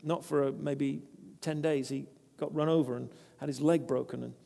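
A man's voice: fairly high pitch, fairly even intonation, moderate pace, gravelly, warm tone, big-room sound. A man preaching a sermon, earnest and conversational, telling personal stories. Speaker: preacher, former vicar.

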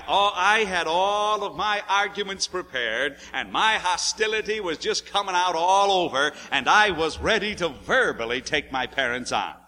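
A man preaching a sermon, moving between hushed, low passages and loud, emphatic ones as he tells a story from his youth. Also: a little hiss or hum. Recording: echoey hall with long reverb.

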